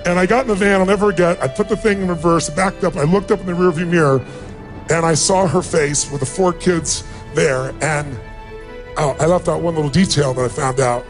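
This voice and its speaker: A man's voice: a little high, fairly quick. Man giving a motivational talk on stage, gets emphatic, bit of music behind. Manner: emotional storytelling, rising to emphatic peaks. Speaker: motivational speaker. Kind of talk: motivational speech.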